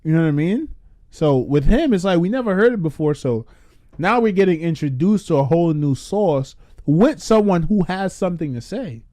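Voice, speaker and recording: A young man co-hosting a podcast in casual chat, animated and slangy, swearing freely. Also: on the high side, normal speed, no echo. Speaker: podcast co-host. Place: podcast studio.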